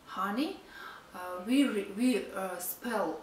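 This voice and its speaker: A woman with a Russian accent teaching a casual language lesson, explaining slowly with many hesitations. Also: medium pitch, reverberant, far from the mic, slight background noise, low-quality recording.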